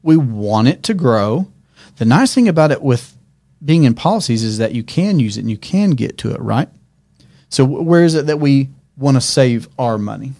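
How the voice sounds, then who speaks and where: A man's voice: mid-range voice, lively intonation, moderate pace, dark tone, no room sound, studio quality. A middle-aged man hosting a talk in an office, explaining ideas step by step and checking in with questions as he goes. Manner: teaching with frequent check-in questions. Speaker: host and financial educator.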